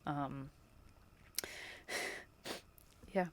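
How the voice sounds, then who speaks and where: A woman's voice: deep voice, drawn-out words, a bit bright. A woman livestreamer chatting casually with her viewers, effusive and chatty, full of filler words and laughs.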